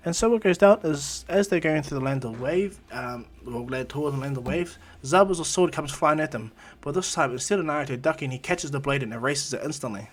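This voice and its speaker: A man's voice: a little high, fairly quick, hardly any pauses. Rambling male fan-story narrator. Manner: rambling, filler-heavy, restarts.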